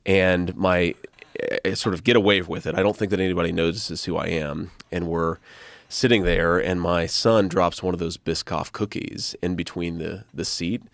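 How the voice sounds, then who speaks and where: A man's voice: sits low, fairly even intonation, normal speed, creaky, no room sound. A man telling funny family stories as a podcast guest, laughing often. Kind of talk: casual storytelling.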